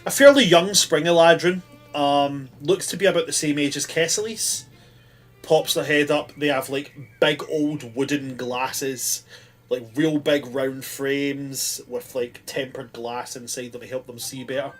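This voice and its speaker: A man's voice: medium pitch, fairly even intonation, measured pace, faint music behind. A man narrating a tabletop game as game master, rambling through lots of fillers.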